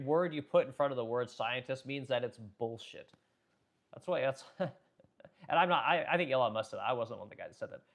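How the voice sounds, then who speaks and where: A man's voice: mid-range voice, creaky, a bit bright. A man hosting a livestream, talking bluntly and profanely in a rambling way, full of restarts, as he reads chat comments. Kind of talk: casual opinionated livestream talk.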